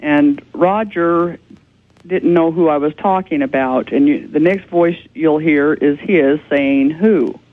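A paranormal investigator calling in as a radio guest, explaining earnestly. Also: female voice, low-pitched, slow. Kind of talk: radio interview. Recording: tinny phone line.

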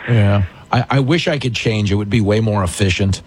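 A man's voice: on the low side, normal speed, slightly rough. A middle-aged man hosting a call-in radio show, chatting casually and joking about himself. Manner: chatty, jokey, self-deprecating.

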